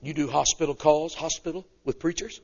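Guy doing a gruff big pastor, blunt, short sentences, muffled sound. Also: on the high side, steady tone, a little fast, a little mellow, long reverb tail, pitched above the performer's own voice.

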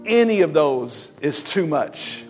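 A male pastor preaching a sermon in an emphatic, exhorting way, with soft music behind. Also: a little high, big pitch swings, slow pace.

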